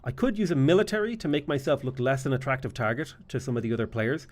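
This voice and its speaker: A man's voice: medium pitch, fast, darkish tone. A man with an Irish accent giving live gameplay commentary and trading jokey banter with his chat. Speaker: streamer.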